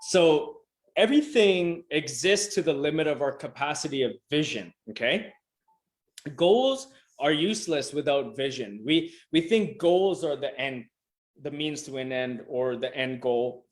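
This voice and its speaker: A man's voice: on the high side, animated, unhurried. A middle-aged man giving a motivational coaching talk over a video call, emphatic and repetitive, casual and swearing freely. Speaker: motivational coach presenting a session. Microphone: video call microphone.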